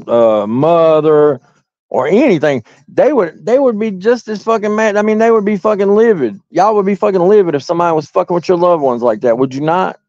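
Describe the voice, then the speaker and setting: Guy hosting a stream, going off and swearing nonstop, kinda high voice, muffled cheap audio. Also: darkish tone, dry recording. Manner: rambling, swears constantly, addresses viewers directly. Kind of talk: heated profane rant. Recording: dull lo-fi audio.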